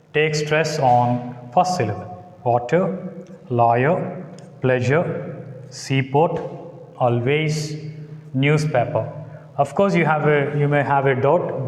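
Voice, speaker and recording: A man with an Indian English accent teaching a lesson on English word stress, slowly repeating words and rules and checking that students follow. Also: a little high. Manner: slow, repeats words and rules, asks "got it?". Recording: echoey room, long reverb.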